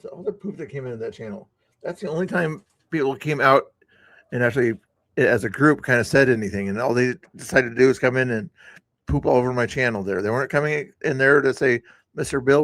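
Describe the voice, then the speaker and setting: A man's voice: mid-range voice, fast, fairly bright tone, no room sound. An older man streaming, rambling in a chatty, self-mocking way as he talks to his viewers about a past stream. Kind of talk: rambling live-stream commentary.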